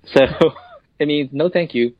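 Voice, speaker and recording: A man's voice: on the high side, unhurried, no room sound, highs cut off. A man co-hosting a casual podcast, joking and laughing often. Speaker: podcast co-host.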